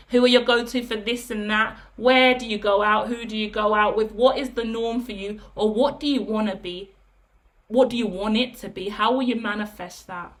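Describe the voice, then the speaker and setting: Female tarot reader, slightly high pitch. Direct and coaching, talks in long repetitive lists. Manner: direct and coaching, with frequent "yeah?" tags; lists things in rapid repetition. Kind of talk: direct-to-camera tarot reading.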